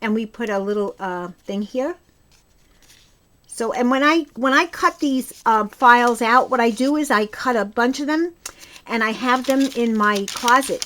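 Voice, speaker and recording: A Brooklyn, New York woman who hosts a crafting channel chats enthusiastically while showing off her craft projects in a casual show-and-tell. Her voice is a little high and a bit bright, and she rambles with a few restarts.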